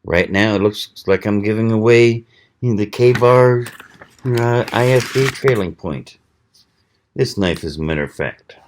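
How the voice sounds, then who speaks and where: A man hosting his own channel, talking casually in a slow, rambling way with many pauses and fillers. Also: on the low side, a little hiss or hum. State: hiccuping. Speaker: channel host. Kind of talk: casual knife review vlog.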